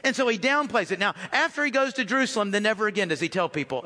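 American male pastor, high bright voice, lively conversational sermon in a reverberant church hall. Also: quick pace, hardly any pauses. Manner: animated, conversational, addresses congregation as folks.

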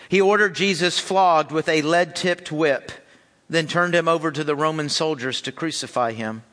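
A man's voice: a little high, bright, forceful tone, in a large hall. A man preaching a sermon and reading scripture in an earnest way, repeating his phrases, in a church sanctuary. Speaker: pastor.

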